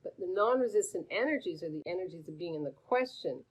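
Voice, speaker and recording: A middle-aged woman hosting a live stream, coaching in a chatty, animated way, greeting viewers by name and asking many questions. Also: fairly low pitch, fast, slightly rough. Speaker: host answering viewer questions. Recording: dull lo-fi stream audio.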